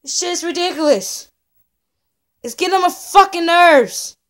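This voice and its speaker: A woman's voice: very high voice, unhurried, fairly bright tone. A furious young woman, ranting into a camera in her home studio in a profane, repetitive vlog rant. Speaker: vlogger. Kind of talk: angry venting vlog. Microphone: camera in front of her.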